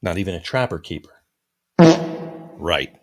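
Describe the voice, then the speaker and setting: Tired middle-aged man, very low voice. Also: very animated, slow. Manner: tired, easygoing, rambling. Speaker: podcast host. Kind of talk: casual chat.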